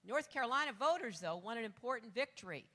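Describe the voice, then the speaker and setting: A woman's voice: a little high, lively intonation, quick pace. Older woman rousing a rally crowd. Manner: rousing, rising to shouts on key lines. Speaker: political candidate. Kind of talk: campaign rally speech. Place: large rally venue. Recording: long echo of a large hall.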